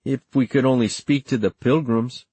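A man's voice: mid-range voice, steady tone, normal speed, mellow, husky, no echo, lightly acted. A man voicing a vain, theatrical teenage boy in an audiobook, dismissive in manner.

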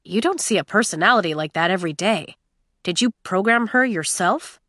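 A woman's voice: medium pitch, lively intonation, a little fast, sharp tone, dry recording, clean studio sound. A woman voicing a polite, curious young prince in an audiobook, in an easy, friendly manner. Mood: amused.

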